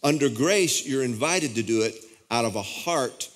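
A man's voice: mid-range voice, expressive, moderate pace. A male pastor preaching a sermon in a conversational way, often restarting his sentences. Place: church auditorium.

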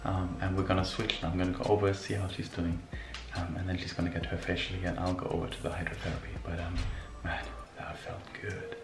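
A man vlogging in a relaxed, chatty way, full of ums and small laughs, speaking outdoors in a park. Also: low-pitched, fast talker, hardly any pauses, roomy sound, over loud music. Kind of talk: casual vlog talk.

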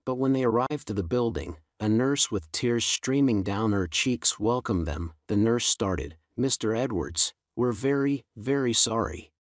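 A man narrating a scripted melodramatic story in an even, unhurried reading. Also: fairly low pitch, dry recording, studio quality.

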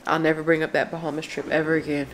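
A woman's voice: low-pitched, flat delivery, very fast, slight background noise, poor audio. A woman in her thirties vlogging casually, gushing and emotional as she talks straight to her viewers. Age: 30s. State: teary. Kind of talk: casual travel vlog chat. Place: hotel room and terrace.

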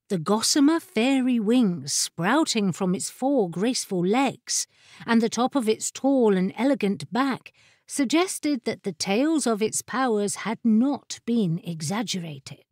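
A woman narrates a scripted fantasy audiobook in a measured, expressive storytelling style. Her medium-pitched voice is captured in a dry, studio-quality recording.

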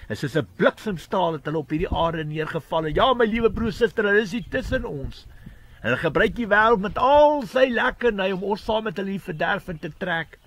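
Man, preacher, earnest, teaching, fairly high voice. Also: a bit bright. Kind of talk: spoken sermon.

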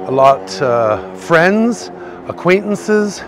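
A man's voice: medium pitch, animated, measured pace, a little hiss or hum. A man from Canada with a Canadian accent, a bit tipsy, rambling to viewers as he hosts a live-streamed walking tour outdoors. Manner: rambling, chatty, talks to chat viewers while walking. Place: outdoor city shopping street.

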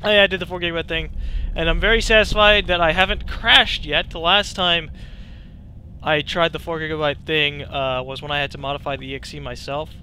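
Excitable high-voiced young gamer guy. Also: a little hiss or hum. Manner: rambling, profane, excitable. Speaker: let's play gamer. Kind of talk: casual gameplay commentary.

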